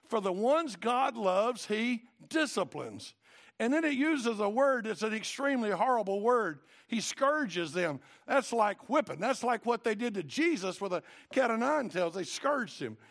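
A man's voice: sits high, very animated, a little slow. A middle-aged man preaching a sermon, quoting old-style scripture and telling stories in which he acts out the voices. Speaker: pastor.

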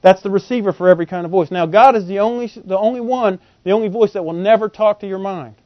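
Male preacher, high voice, animated Bible teaching; dry, lo-fi sound. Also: fast, no room sound. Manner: animated, quizzes the audience with rhetorical questions. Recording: dull, lo-fi and dry.

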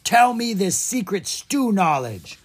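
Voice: medium pitch, big pitch swings, takes it slowly, slightly rough, voice pushed up, full character voice. A reader voicing a dim, hungry male ogre who cooks and speaks in broken, muddled grammar, in a children's storybook reading. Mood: dim-witted.

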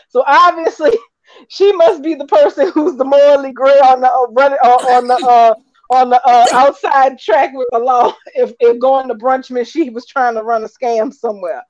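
A woman co-hosting a soap opera chat show, recapping episodes with animated retellings and acted-out quotes. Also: high-pitched, normal speed. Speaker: soap opera podcast co-host. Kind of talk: casual chat. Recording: dull lo-fi audio.

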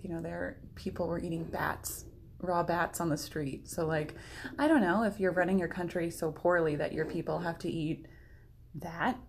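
A woman's voice: lowish voice, steady tone, moderate pace, a little hiss or hum. A young woman co-hosting a podcast, chatting casually and laughing often. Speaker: podcast co-host. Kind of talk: casual chat.

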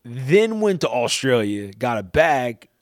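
A man's voice: medium pitch, very animated, takes it slowly, no room sound. Man in casual chat, dry sound. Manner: rambling, profane slang.

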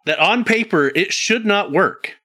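Male co-host, high voice, bright, unhurried and lively, laughs a lot. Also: no room sound, studio quality. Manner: laughs often, hesitant fillers. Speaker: podcast co-host. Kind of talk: casual chat.

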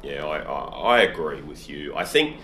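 A man's voice: extremely low pitch, lively intonation, normal speed, sharp tone, a little hiss or hum. A man hosting a podcast, chatting casually and thinking aloud with frequent restarts. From Australia. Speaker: podcast host. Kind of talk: casual conversational interview.

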